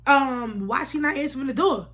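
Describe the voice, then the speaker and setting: A young woman vlogger telling a storytime tale in slangy, animated chat, acting out the lines of the people in it. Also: sits high, moderate pace. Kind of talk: storytime vlog.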